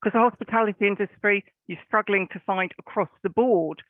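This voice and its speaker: A man's voice: high voice, a little fast, no room sound. A man hosting a panel interview, effusive and encouraging toward his guests. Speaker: host. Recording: thin phone-like line.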